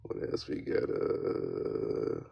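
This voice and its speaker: A man giving casual, slang-heavy scripture commentary, often tagging his lines with "all right?" and reading verses aloud slowly. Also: no echo. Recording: dull, lo-fi, dry sound.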